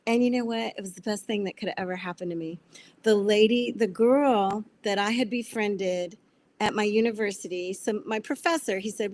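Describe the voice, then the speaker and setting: A woman's voice: mid-range voice, normal speed, a little hiss or hum. Woman sharing an earnest faith testimony. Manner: earnest, animated storytelling with quoted voices. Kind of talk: testimony interview.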